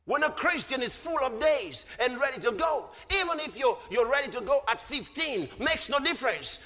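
A man preaching a sermon with fervour, often shouting and drawing out his words. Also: extremely high pitch, lively intonation, moderate pace, few pauses. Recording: hall reverb.

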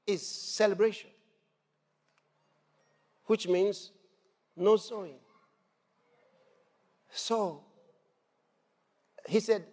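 A man preaching a sermon in an animated way, laughing and raising his voice to shouts. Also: high voice, slow pace, long pauses. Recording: long hall reverb with faint music.

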